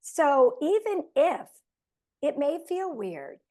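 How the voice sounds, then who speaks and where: A woman's voice: sits high, big pitch swings, takes it slowly, dark tone. A woman sharing tips on a coaching team call over a video link, earnest and self-deprecating.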